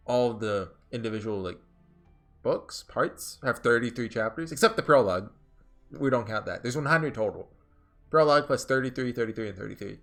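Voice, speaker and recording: A man's voice: mid-range voice, fairly bright tone. A man in casual gameplay commentary, rambling with lots of fillers and restarts. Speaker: game streamer.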